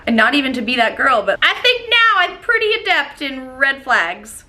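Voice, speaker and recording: A woman telling a dating story in a storytime vlog, animated, profane and full of exclamations. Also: high-pitched, normal speed, hardly any pauses.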